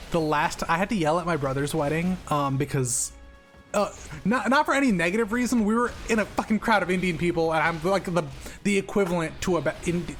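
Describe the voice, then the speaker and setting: A man streaming games, chatting casually with friends on a call, loud and animated, swearing freely. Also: fairly high pitch. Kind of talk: casual chat while gaming.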